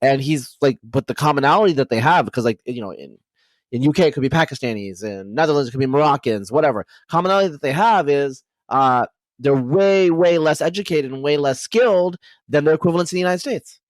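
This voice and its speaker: A man hosting a podcast interview, talking in a rapid, animated way with many fillers and restarts. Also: fairly high pitch, no room sound. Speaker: podcast host. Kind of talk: casual conversational interview.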